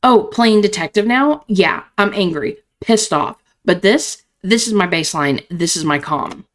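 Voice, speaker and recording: A woman's voice: medium pitch, animated, measured pace, natural voice. A woman voicing a volatile, foul-mouthed female character who snarls out clipped threats. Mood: furious.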